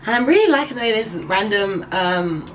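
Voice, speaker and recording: Young British woman, casual vlog host, upbeat and chatty, mid-pitched, noisy background. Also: animated, a little fast, highs cut off. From England. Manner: chatty, upbeat, addressing viewers directly. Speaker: vlogger.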